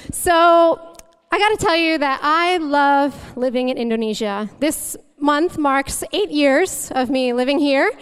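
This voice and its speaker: A young woman delivers a relaxed, chatty sermon as a guest speaker, her voice high and smooth. She keeps things light and humorous, laughing easily between points. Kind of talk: conversational sermon.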